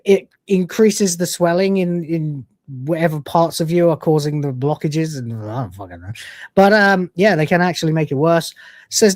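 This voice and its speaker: A man's voice: sits high, a little mellow, no echo, clean studio sound. Joking, crude livestream host man. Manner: joking, crude, reads donations aloud. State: recovering from a sore throat. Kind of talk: casual livestream chat.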